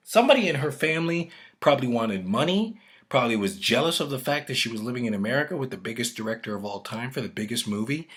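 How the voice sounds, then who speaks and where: A man with a bright, forceful voice delivers a rambling opinion rant straight to camera. He swears freely and keeps breaking off and restarting his sentences. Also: mid-range voice, animated, fast talker, husky. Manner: profane, rambling, with frequent restarts.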